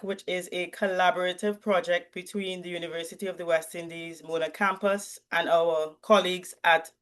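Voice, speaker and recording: Woman giving a lecture. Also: lowish voice. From Trinidad and Tobago. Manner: clear, explanatory, measured. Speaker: university lecturer presenting research. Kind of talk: academic presentation. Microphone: video call.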